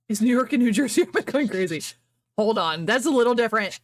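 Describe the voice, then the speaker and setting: A woman's voice: fairly high pitch, animated, fast, dry recording, clean studio sound. A woman streamer chatting casually to her viewers from her home office, bubbly, rambling and self-deprecating. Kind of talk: casual live-stream chat.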